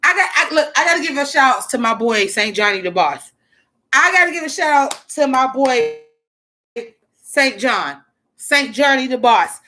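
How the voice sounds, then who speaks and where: A woman hosting a casual music stream, loose and profane, reminiscing and giving shout-outs to friends. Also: high-pitched, lively intonation, normal speed. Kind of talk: casual chat over music. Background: faint hip hop music.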